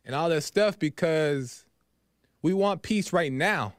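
This podcast host's voice sits a little high and moves slowly, recorded in clean studio quality with no room sound. He earnestly retells a parable and muses on its meaning, repeating himself and tacking "right?" onto his lines.

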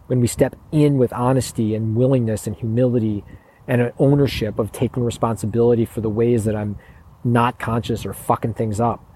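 A man's voice: mid-range voice, steady tone, a little fast, dark tone, slight background noise, low-quality recording. A man coaching in a motivational monologue, blunt and profane, pressing his points with urgent, pleading emphasis. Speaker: men's coach.

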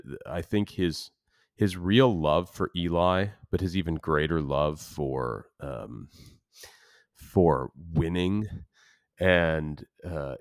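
A man's voice: deep voice, smooth, no echo, studio quality. A man in a casual film discussion, talking hesitantly with frequent restarts and short laughs. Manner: hesitant, restarts often, laughs when quoting. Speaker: podcast co-host.

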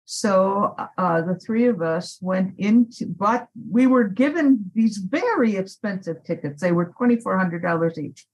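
A woman activist, a guest on an interview podcast, telling a story in an animated, emphatic way. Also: mid-range voice, unhurried, hardly any pauses, slightly rough, rough recording.

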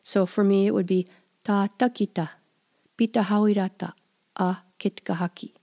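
A woman hosting a language lesson podcast, speaking patiently and repeating words slowly for listeners to practice. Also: medium pitch, steady tone, mellow. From Pawnee community, United States. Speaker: language teacher and podcast host.

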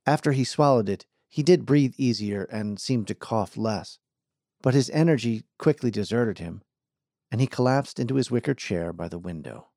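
A man giving measured, scripted audiobook narration. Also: mid-range voice, mellow, no echo, clean studio sound.

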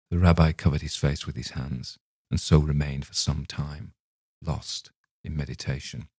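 A man reading a Victorian ghost story aloud in a steady, literary first-person narration. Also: very deep voice, normal speed, breathy edge, no room sound, clean studio sound. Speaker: audiobook narrator.

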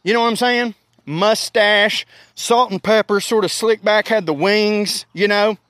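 A man, telling a profane, animated story in a casual rant. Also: sits high, unhurried, no echo, clean studio sound. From American South. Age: 30s. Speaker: podcast host.

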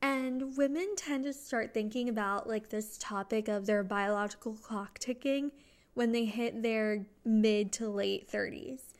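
A woman's voice: on the high side, steady tone, a little slow. A young adult woman hosting a solo podcast, talking in an earnest, chatty way with small restarts. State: excited, just home from work. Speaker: podcast host.

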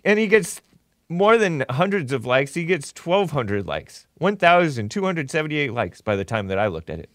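A man with a slightly high, sing-song, fairly bright voice speaks at a moderate pace in a dry, studio-quality recording. Hosting a talk show, he gives opinionated commentary in a mocking tone, chuckling often as he reads posts.

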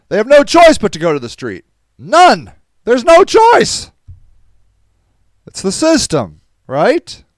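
A tired, stuffy-nosed man hosts a podcast livestream, reading viewer comments aloud in a rambling, casual way with frequent restarts. His voice is high-pitched and smooth, and the recording is dry.

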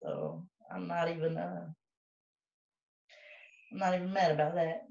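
A woman's voice: lowish voice, fairly even intonation, measured pace, vocal fry, darkish tone. A woman co-hosting a podcast in rowdy, profane casual chat, laughing often. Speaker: podcast co-host. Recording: echoey, distant, dull mic.

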